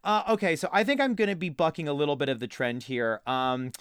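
Smooth-voiced joking podcast man. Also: a little high, brisk, fairly bright tone, no room sound, clean studio sound. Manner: rambling, mock-earnest jokes. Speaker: podcast co-host. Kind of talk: casual comedic podcast chat.

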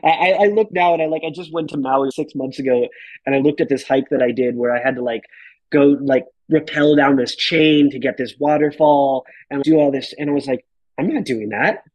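An animated man in his thirties tells a travel story on a podcast. His talk is casual and full of swearing. His voice sits at a middle pitch, and the recording is dry with no room sound. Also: brisk, dry recording, dull audio. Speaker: podcast guest.

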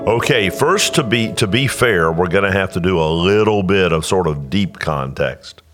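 A man's voice: low-pitched, animated, normal speed, a bit bright, faint music behind. A male pastor teaching about scripture in an earnest, explanatory way, often restarting his sentences. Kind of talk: teaching Bible talk.

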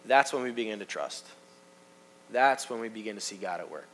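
A man preaching a sermon in a conversational way, talking straight to the congregation and swinging from loud emphasis to hushed asides. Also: lowish voice, expressive, brisk, a little hiss or hum. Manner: conversational, addresses the congregation directly. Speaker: pastor.

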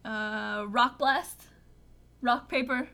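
A woman with a fairly high voice co-hosts a laid-back podcast. She chats freely, giggles often and talks her way through puzzles out loud. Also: very slow, gravelly. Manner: chatty and giggly, thinks aloud. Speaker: podcast co-host. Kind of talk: casual podcast chat.

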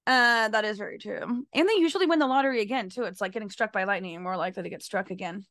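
A woman's voice: mid-range voice, fast talker, a bit bright, no echo, studio quality. A woman co-hosting a podcast, blunt and wry, swearing casually in chat. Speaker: podcast co-host, streamer.

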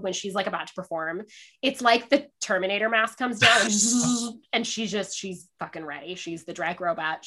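Young woman chatting, tells a story super animated, lots of "like", acts out the quotes. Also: fairly low pitch. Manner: animated, acts out quotes, laughs often, says "like" a lot. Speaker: guest telling a story. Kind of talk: casual chat, storytelling.

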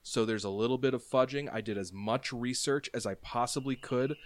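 A man narrating a tabletop game as game master, explaining rules and describing scenes with brisk fillers. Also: mid-range voice.

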